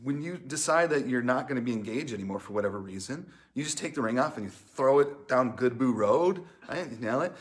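A man's voice: mid-range voice, fairly quick, few pauses. Chatty man preaching a casual sermon. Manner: chatty, many "like" fillers, acts out characters playfully. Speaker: pastor. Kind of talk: casual sermon with scripture reading.

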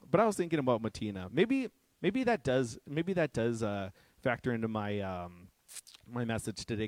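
Animated man telling a story in a sermon. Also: medium pitch, dry recording. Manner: animated storyteller, many restarts. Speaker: guest speaker at church.

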